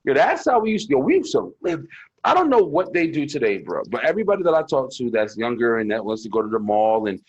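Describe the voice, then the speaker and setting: Young guy chatting, husky, voice jumps all over, kinda muffled lo-fi audio. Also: mid-range voice, very animated, quick pace. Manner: loose, profane storytelling with acted-out quotes. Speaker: co-host. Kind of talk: casual chat.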